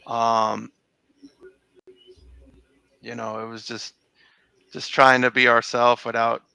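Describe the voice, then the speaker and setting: A man's voice: mid-range voice, little pitch movement, slow pace, gravelly, sharp tone, clear, resonant tone, low-quality recording. A middle-aged man recalling old times in a casual interview, rambling with many fillers and restarts. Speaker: interview guest.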